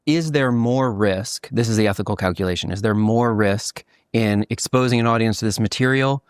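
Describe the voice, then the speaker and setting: A man hosting a podcast interview and asking questions in a calm way. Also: fairly low pitch, moderate pace, clean tone, dry recording, studio quality. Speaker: podcast host.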